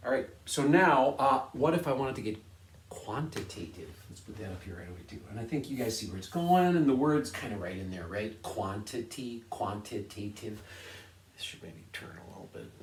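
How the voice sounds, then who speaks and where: A man's voice: mid-range voice, expressive, moderate pace, a little hiss or hum. A man teaching a science lesson in a casual, upbeat way, laughing often and checking that students follow along. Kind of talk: casual classroom video lesson. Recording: echoey room.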